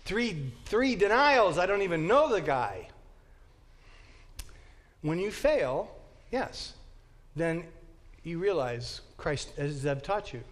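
A man teaching a Bible class in an animated way, quizzing his students with quick questions. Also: sits high.

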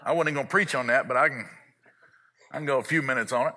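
A man's voice: medium pitch, quick pace, pushed and bright. A man preaching a sermon as pastor, telling a family story with playful asides to the congregation.

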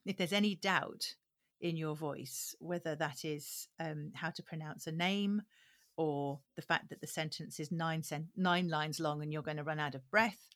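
A woman's voice: deep voice, steady tone, a little slow, a bit bright. A woman who produces audiobooks, answering interview questions thoughtfully, with frequent ums and restarts as she searches for words.

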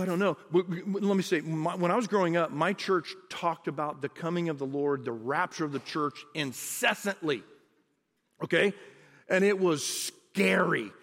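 High-pitched guy pastor preaching, chatty and animated, lots of repeats, long echo like a big hall. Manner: animated, conversational preaching with repetitions and asides. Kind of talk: sermon.

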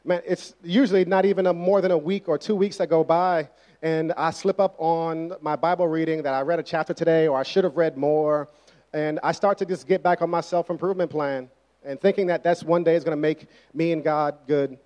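A man's voice: on the high side, steady tone, a little fast, darkish tone, muffled recording. A young adult man preaching a sermon as pastor, speaking in a conversational and emphatic way.

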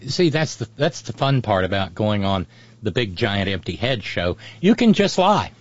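A man's voice: on the low side, very animated, normal speed, no room sound. A man hosting a political talk show, delivering sarcastic, mocking commentary. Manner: mocking, sneering, does mocking impressions. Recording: dry, dull lo-fi audio.

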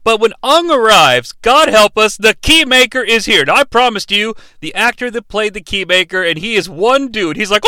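A man's voice: high voice, lively intonation, moderate pace, sharp tone, clean tone, no echo. A man hosting a comedic bad-movie podcast, ranting in a profane, sarcastic way. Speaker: podcast host.

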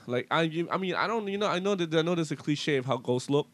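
A young man in casual chat, telling a ghost story in a halting way with many restarts. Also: animated, a bit bright. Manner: halting, full of restarts and fillers, low-key.

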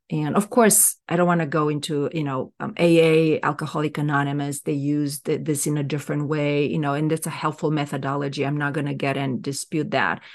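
A woman from Romania, a guest doctor on a podcast, speaks earnestly and with emphasis. Her voice sits on the low side, and she presses her points with animated conviction. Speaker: guest psychologist. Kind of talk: casual interview talk.

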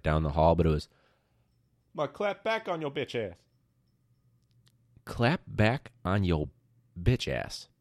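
A young man talks through his own podcast in a relaxed, rambling way, dropping slang and swearing as he jokes about his students. His voice sits very low. The sound is close and dry, with no room around it. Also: no room sound. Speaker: teacher and podcast host. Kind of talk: casual solo podcast chat.

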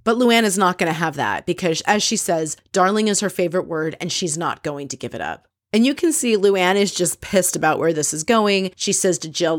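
A woman's voice: fairly low pitch, lively intonation, normal speed, dry recording. A woman casually recapping a reality show episode, opinionated and candid, swearing freely as she quotes what others said.

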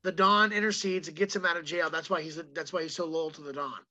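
Brief: man, comedian podcast guest, animated storyteller, sharp bright tone. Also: a little high, dull audio. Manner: animated storyteller, breaks into quick impressions. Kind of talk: casual podcast chat.

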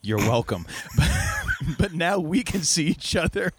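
A man's voice: a little high, big pitch swings, a little slow, noisy background. A man hosting a podcast, joking and teasing his co-host in a playful, theatrical way over a video call. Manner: playful, jokey, theatrical intros. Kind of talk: casual podcast banter.

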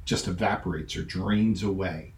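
In a roomy, echoing recording, a man with a low-sitting voice and fairly even intonation speaks at a moderate pace. He's a pastor and podcast host whose conversational sermon moves from a personal story into earnest, emphatically repetitive teaching.

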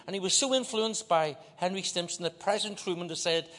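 A man preaching to a large church, his voice sitting a little high for a man as it rings out with a long hall reverb. He teases the crowd and has them call words back to him. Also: fairly quick, fairly bright tone. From Ireland. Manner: joking, leads the crowd in call-and-response. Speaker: guest preacher. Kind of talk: sermon.

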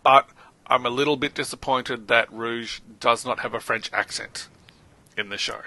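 Casting note: Australian man, podcast co-host, bright voice, dry close sound, excitable chat. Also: medium pitch, normal speed, dry recording. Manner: animated, enthusiastic, laughs often. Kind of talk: casual chat.

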